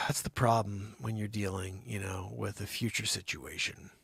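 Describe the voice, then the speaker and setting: A man hosting his own livestream and riffing an improvised comedy bit, lurching from loud outbursts down to near-whispers. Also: on the low side, fairly even intonation, unhurried, vocal fry, breathy edge, no echo. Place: home studio.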